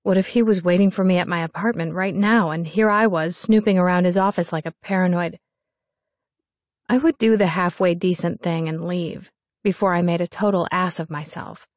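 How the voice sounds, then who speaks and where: A young woman narrating a first-person story in an expressive, wry reading style. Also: fairly low pitch, moderate pace, dry recording. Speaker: audiobook narrator.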